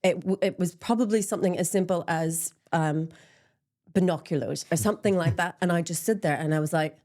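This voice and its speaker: Middle-aged woman, very low voice, candid, chatty interview guest, lots of ums. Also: a little fast, a little mellow. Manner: open and candid, frequent ums, laughs at herself. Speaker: interview guest, menopause support group founder.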